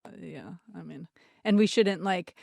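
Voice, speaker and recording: A woman's voice: fairly low pitch, a little slow, creaky, a little mellow, no room sound, clean studio sound. A woman co-hosting a podcast, talking casually and emphatically, often repeating her points. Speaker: podcast co-host.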